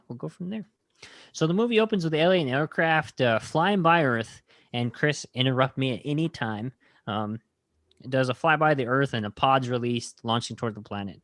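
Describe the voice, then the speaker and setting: A man's voice: mid-range voice, no echo. Male podcast host, eager rambling film recap, dry close sound. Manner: enthusiastic, rambling recap with quoted movie lines. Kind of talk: casual film review chat.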